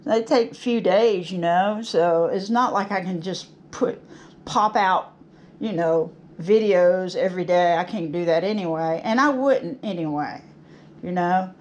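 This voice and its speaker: A woman's voice: on the low side, unhurried, lo-fi sound. A middle-aged woman, chatting casually and effusively to her craft channel viewers from a home workshop. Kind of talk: casual chat to camera.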